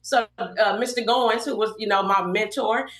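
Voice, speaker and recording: Animated middle-aged woman telling stories. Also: medium pitch, moderate pace. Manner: animated storyteller acting out quoted dialogue. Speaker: podcast guest, hairstylist. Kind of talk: casual storytelling interview. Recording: roomy echoey podcast room.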